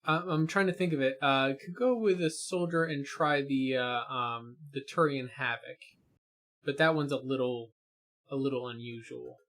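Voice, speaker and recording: A man's voice: medium pitch, normal speed, fairly bright tone. A man co-hosting a gaming stream in casual chat, explaining character builds with many fillers and restarts.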